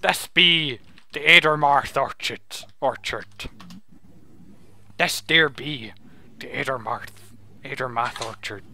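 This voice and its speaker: Man hamming up a gravelly pirate-talking old half-elf. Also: medium pitch, slow pace, long pauses, bright, forceful tone, pitched below the performer's own voice, exaggerated voice. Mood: jovial. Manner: hammy pirate growl, full of "arr" and "yar". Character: old silver-haired male half-elf orchard keeper talking like a pirate.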